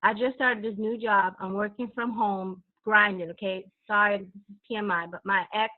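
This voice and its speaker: A woman's voice: medium pitch, fairly even intonation, normal speed. A woman in her thirties calling in from home, gushing and laughing as she tells her story, close to tears. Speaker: caller. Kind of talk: emotional call-in thanks. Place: home, dim room. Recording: tinny phone line.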